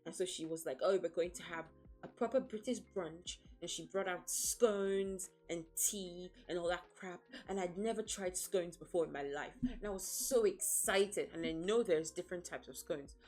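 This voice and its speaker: A woman's voice: on the low side, normal speed, few pauses, a little mellow, faint music behind. A woman streaming as a VTuber, chatting casually in a blunt, profane, playfully dramatic way and laughing often. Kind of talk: casual livestream chat.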